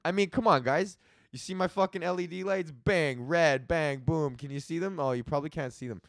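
Talking fast with vocal fry, a man in his thirties rambles and curses through a solo comedy podcast rant, venting and cracking himself up. His voice is a little high, and the recording is dry and studio-clean.

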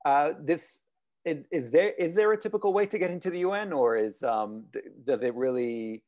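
A man's voice: on the high side, animated, normal speed, darkish tone. A man from the Italian-speaking part of Switzerland hosting an interview, rephrasing his questions several times as he goes. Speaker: interviewer host. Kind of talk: conversational interview.

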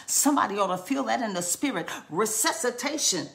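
A woman's voice: on the high side, animated, fairly quick, gravelly, a bit bright. A woman preaching a charismatic sermon, fervent and repetitive, breaking into tongues.

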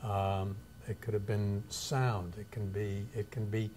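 A man's voice: fairly low pitch, flat delivery, a little mellow, slight background noise. A man, a photographer and teacher, reflecting and telling anecdotes in a studio interview. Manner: thoughtful, anecdotal, measured.

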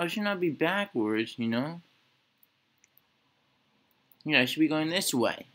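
A young man talks slowly through a horror game, his tone bright and a little sharp. He rambles and jokes, half-scared and half-playful, narrating whatever his character runs into. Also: on the high side, lively intonation. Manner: rambling, jokey, mock-scared talk to himself. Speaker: gaming channel host. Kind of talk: casual gameplay commentary.

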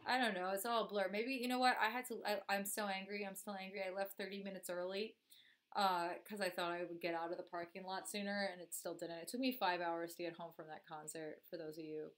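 A woman vlogger with a cold reacts to a music video, chatting loosely and talking straight to her viewers as "guys." Her mid-range voice moves fairly quickly with fairly even intonation.

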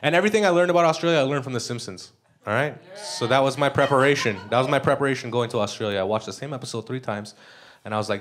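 A young Canadian man works through a loose, crude stand-up set on a comedy club stage, often cracking up at his own jokes. His voice is medium in pitch, slightly bright, and very fast. The live crowd can be heard, with audience laughter in the background.

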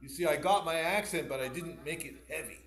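A man teaching piano in an online masterclass. He is animated and encouraging, demonstrating as he goes and giving quick corrections. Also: a little high. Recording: echoey room with piano playing.

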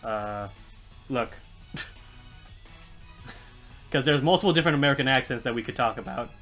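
A male streamer talks through a live game session, joking with his chat and laughing often. His voice is bright and clear, sitting at a middle pitch. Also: normal speed, faint music behind. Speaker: let's play streamer. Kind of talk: live gameplay commentary.

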